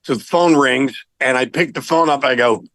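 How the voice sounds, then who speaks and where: A middle-aged man with a medium-pitched voice tells rock-and-roll stories in a relaxed interview. He is animated and chuckles as he goes. The sound is close and dry, with no room around it. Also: moderate pace, no room sound, low-quality recording. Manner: animated, laughs while telling anecdotes. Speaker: rock singer, guest. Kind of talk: casual storytelling interview.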